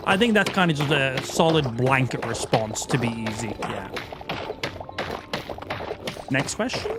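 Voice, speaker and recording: A man's voice: medium pitch, unhurried, over loud music. A man with an Irish accent doing casual, profane and mocking livestream commentary as he plays a game. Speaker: streamer.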